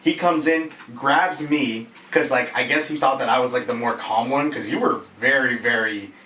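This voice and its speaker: A man's voice: medium pitch, normal speed. Young man telling a story in an echoey room. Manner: animated, laughing, swears often, many fillers. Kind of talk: casual storytelling chat. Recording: echoey room from a distance, faint noise.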